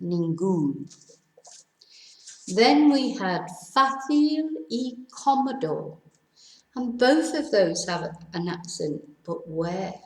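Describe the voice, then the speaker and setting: A woman teaching a language lesson at an unhurried, measured pace, spelling words out one letter at a time. Her voice is on the lower side and carries a noticeable room echo. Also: a little mellow. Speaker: Spanish teacher.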